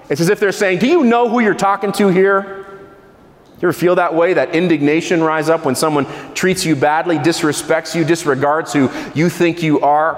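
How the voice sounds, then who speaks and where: A male pastor delivers a sermon in a slightly high voice, slowing and sinking low on key words with dramatic pauses. The sound rings in a large hall with a long, echoing tail. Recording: echoey hall with long reverb.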